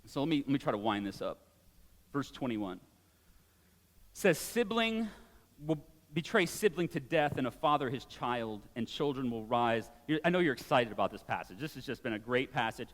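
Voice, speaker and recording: A man in his forties preaching a sermon as a pastor, conversational and animated, with frequent asides to the congregation. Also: mid-range voice, moderate pace, long reverb tail.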